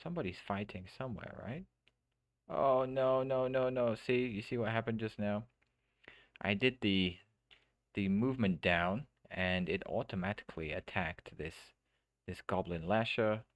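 A man streaming a game live, chatting casually and thinking out loud with many restarts. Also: fairly low pitch, moderate pace, dry recording. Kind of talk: casual let's-play commentary. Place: home streaming setup.

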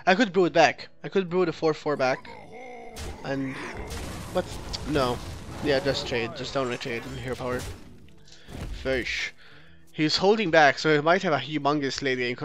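A man with a somewhat high-pitched voice talks through his own card game match as a let's play host. He thinks out loud, restarts his sentences and corrects himself, and critiques his opponent's plays. Soft music plays faintly underneath. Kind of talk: gameplay commentary.

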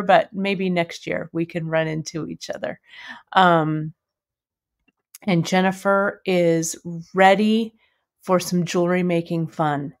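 A middle-aged woman hosting a live jewelry-making stream, chatting with viewers in a friendly, rambling way full of fillers. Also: fairly low pitch. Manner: chatty, warm greetings to viewers, many fillers. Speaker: bead shop host. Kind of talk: casual live-stream chat and jewelry demo.

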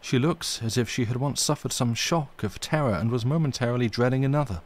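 A man reading a ghost story aloud on a live stream, with expressive, dramatic emphasis. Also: mid-range voice, fairly quick.

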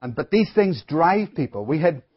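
A man's voice: fairly high pitch, big pitch swings, normal speed, slightly rough. A man preaching a sermon as pastor, telling stories with chatty asides to his congregation. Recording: dull lo-fi recording.

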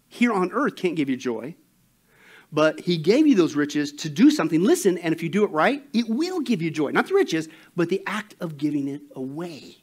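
A man preaching a sermon as pastor, animated and emphatic, telling a joke story. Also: fairly high pitch.

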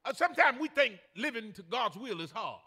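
An older male pastor, preaching a sermon in a folksy storytelling manner that builds to shouted emphasis. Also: very high-pitched, big pitch swings, fairly quick, husky.

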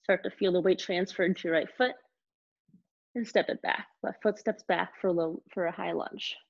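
A woman teaching a live online yoga class, giving calm step-by-step cues between sighs and exhales. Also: on the low side, moderate pace, creaky, highs cut off. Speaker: yoga instructor.

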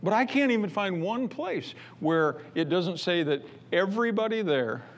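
A male pastor preaching a sermon in an emphatic, repetitive way, rising into loud bursts. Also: sits high, expressive, normal speed.

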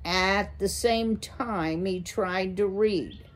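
A woman slowly reading a children's chapter book aloud to listeners. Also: mid-range voice. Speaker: storyteller.

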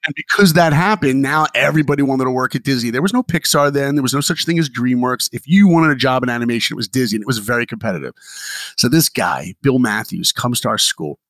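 A man who is a podcast guest, telling motivational stories in an animated and enthusiastic way. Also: mid-range voice, quick pace, dry recording, studio quality. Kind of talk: motivational storytelling.

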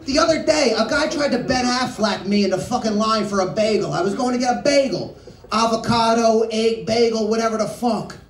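Profane high-voiced man doing absurd stand-up. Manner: profane, absurd, rapid tangents. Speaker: stand-up comedian. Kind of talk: stand-up comedy set. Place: small bar venue. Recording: echoey bar room, distant mic.

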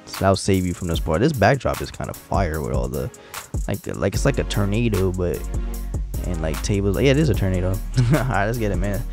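A man giving casual, excitable commentary while playing a wrestling video game, teasing and talking to the characters on screen. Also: deep voice, brisk. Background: game music.

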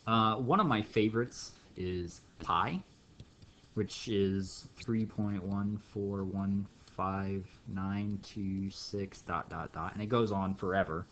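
A man's voice: low voice, takes it slowly, a bit bright, a little hiss or hum. Playful man teaching math with jokes. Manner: playful storytelling with acted bits. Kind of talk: jokey classroom lecture.

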